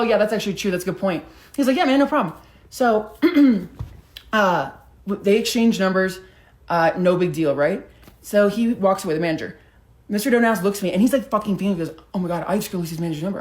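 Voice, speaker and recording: A young woman from Denver, a content creator telling a storytime vlog in a chatty, profane way, full of filler words. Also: mid-range voice. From Denver, United States.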